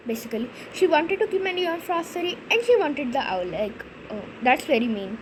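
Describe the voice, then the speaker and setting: A woman's voice: high-pitched, expressive, moderate pace, background noise. A young woman hosting a gaming channel, rambling through a story with lots of fillers as she plays. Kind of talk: casual gameplay commentary.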